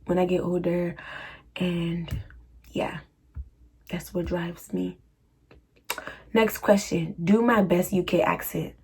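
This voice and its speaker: A woman's voice: on the low side, flat delivery, takes it slowly, long pauses, a little mellow, slightly rough. A young woman vlogger answering viewer questions in a chatty, slangy, laughing style. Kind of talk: casual Q&A chat.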